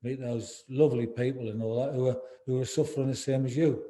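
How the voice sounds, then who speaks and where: A man talks openly in an interview. His voice is deep and very dark and mellow in tone, and his speech is halting, full of restarts and "you know"s. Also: fairly even intonation. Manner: halting, repeats words, says "you know" often. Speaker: interview guest, former footballer. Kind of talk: candid interview conversation.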